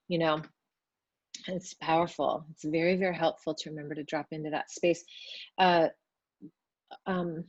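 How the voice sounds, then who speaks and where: Woman spiritual speaker, lowish voice, chatty and filler-heavy, dry dull recording. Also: no echo. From Italian family background. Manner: loose and chatty, with many fillers; works at speaking gently. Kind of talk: casual spiritual talk to viewers.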